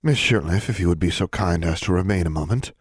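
A severe, cold-eyed woman dean handing down orders in clipped, commanding sentences, as a male narrator puts her on. Her voice sits low with a husky grain. The recording is close and dry. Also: fast talker, dry recording. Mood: stern. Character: stern, cold female school dean.

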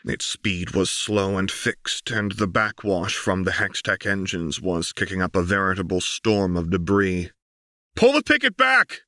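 A male audiobook narrator with a lowish, bright, forward voice reads the story in a measured, deliberate way. The sound is dry and close, with no room around it. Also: level tone, no room sound. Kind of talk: scripted narration of fan fiction.

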